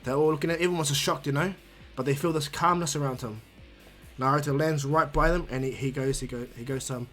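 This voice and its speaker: A man's voice: a little high, steady tone, brisk, a bit bright, faint music behind. A man casually narrating a fan-made anime story for his channel, rambling, restarting words and adding "you know". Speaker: YouTube storyteller.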